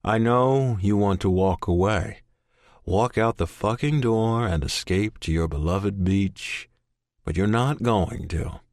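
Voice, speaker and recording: A man voicing a calm, firm adoptive father. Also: fairly low pitch, no room sound, clean studio sound. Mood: earnest, firm. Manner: earnest and measured, rising to stern. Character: calm, steady middle-aged adoptive father. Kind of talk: audiobook character voice.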